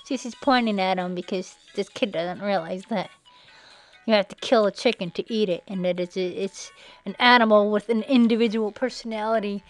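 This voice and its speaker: A woman giving sarcastic, mocking commentary over a slideshow, now and then breaking into shrill put-on voices. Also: normal speed, poor audio. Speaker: video narrator. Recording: faint background music.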